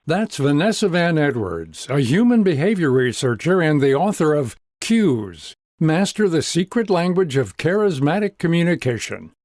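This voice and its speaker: A man's voice: fairly high pitch, big pitch swings, moderate pace, hardly any pauses, darkish tone, dry recording, studio quality. A man hosting a radio program, reading scripted narration between interview clips. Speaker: radio host.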